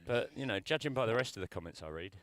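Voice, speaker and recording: A man's voice: on the low side, lively intonation, fast, noisy background. A man in a band, rambling through joking stories in casual banter. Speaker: band member. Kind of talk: casual banter between songs.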